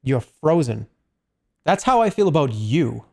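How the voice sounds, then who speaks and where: A man's voice: a little high, sing-song, normal speed, vocal fry, mellow. A man chatting casually on a live stream, rambling along with lots of asides and restarts.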